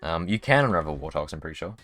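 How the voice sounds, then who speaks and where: A man's voice: rumbling low, expressive, very fast, fairly bright tone, dry recording. A man streaming a video game live, chatting casually in a rambling way with many restarts. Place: home streaming setup.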